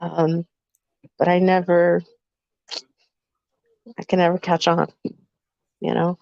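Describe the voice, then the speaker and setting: Raspy-voiced woman co-hosting, muffled dry sound. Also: lowish voice, slow, no echo. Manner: relaxed, trailing off with fillers. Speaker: podcast co-host. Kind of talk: casual live podcast chat.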